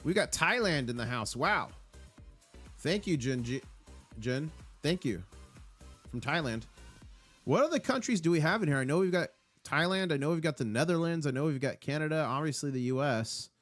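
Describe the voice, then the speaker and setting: A man's voice: fairly high pitch, expressive, moderate pace, long pauses, a bit bright, faint music behind. A man hosting a casual live stream, reading out viewer comments in an upbeat, rambling way. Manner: rambling, with fillers and restarts. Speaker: livestream host.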